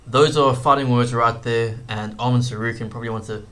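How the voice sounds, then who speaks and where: Brief: young male YouTuber, bright mid voice, loose filler-heavy casual commentary. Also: mid-range voice, fairly even intonation, brisk. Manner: rambling, frequent fillers and slang like "bro".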